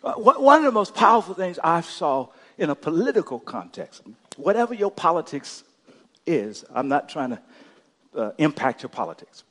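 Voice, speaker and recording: A male pastor preaching a sermon with rising passion, often shouting and calling out to the congregation in a church. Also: a little high, big pitch swings, normal speed, in a large hall. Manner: impassioned preaching that builds to shouting, calls to the congregation. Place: church sanctuary.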